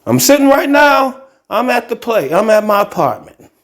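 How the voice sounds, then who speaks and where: A man's voice: very high-pitched, very animated, moderate pace, a bit bright. A middle-aged man from Ohio hosting a podcast, ranting bluntly and profanely as he walks around his apartment. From Akron, Ohio. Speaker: podcast host. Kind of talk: casual monologue vlog. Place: carpeted apartment living room, walking into tiled kitchen.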